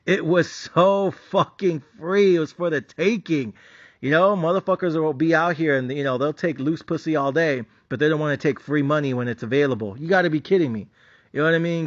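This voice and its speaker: A man's voice: fairly high pitch, lo-fi sound. A man with a Mexican accent ranting profanely as host of a sports betting recap.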